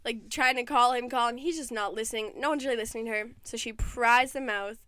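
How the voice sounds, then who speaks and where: A woman's voice: a little high, fast talker, dry recording. A young woman in college telling a long story in casual podcast chat, full of "like" fillers. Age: young adult. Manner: animated storyteller, lots of "like" fillers.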